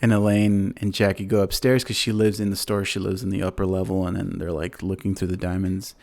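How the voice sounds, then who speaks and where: Male podcast host with a lowish voice who recaps films in a loose, filler-heavy ramble. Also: flat delivery, a little fast, darkish tone. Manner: rambling, many fillers, acts out quotes. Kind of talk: casual movie recap.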